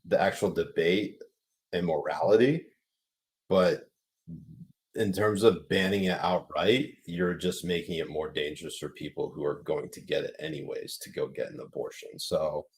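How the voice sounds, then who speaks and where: A man hosting a casual political chat show, animated and laughing often as he reads out news stories. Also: low voice, moderate pace. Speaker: podcast host.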